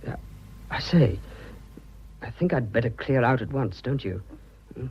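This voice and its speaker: Heavily acted and breathy at the edges, an English actor's mid-range voice carries lively intonation at a slightly slow pace. He plays the suitor, an earnest, bashful young businessman declaring love in 1940s radio acting, flustered, ardent, blustering and eager, on a dull old radio broadcast.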